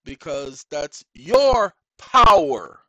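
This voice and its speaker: A man hosting his own channel, lecturing viewers in a combative monologue that swings into loud rants. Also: fairly high pitch, big pitch swings, extremely slow, no room sound, muffled recording. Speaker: channel host. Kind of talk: direct-to-camera monologue.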